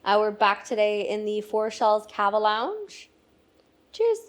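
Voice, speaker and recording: A woman with a Quebecois French accent co-hosts a relaxed podcast recorded in a lounge bar. She speaks English as a native French speaker. She tells anecdotes with energy and laughs often. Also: mid-range voice, unhurried. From Quebec, Canada. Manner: lively storyteller, laughs often. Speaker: podcast co-host. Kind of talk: casual chat.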